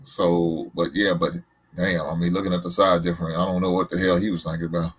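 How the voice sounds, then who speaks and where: A man's voice: sits low, flat delivery, fast, slightly rough. A man chatting on a video call, laid-back and loose. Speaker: guest. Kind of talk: casual chat.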